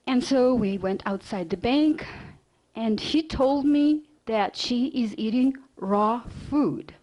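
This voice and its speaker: A woman giving a lecture, telling a personal story in a lively way and acting out the dialogue. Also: on the high side, takes it slowly, highs cut off. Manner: animated, acts out quoted dialogue. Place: lecture hall.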